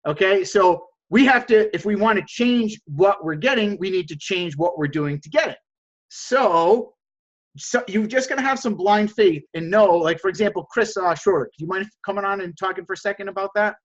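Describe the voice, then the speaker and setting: A man coaching a group on a video call, energetic, reading out answers and acting out little dialogues. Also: high voice, moderate pace, highs cut off. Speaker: sales coach.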